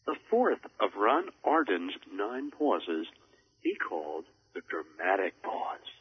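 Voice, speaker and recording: A man coaching on public speaking in a measured way, with deliberate pauses for emphasis. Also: lowish voice, very animated, breathy edge, dull audio. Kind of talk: instructional talk on a recorded program.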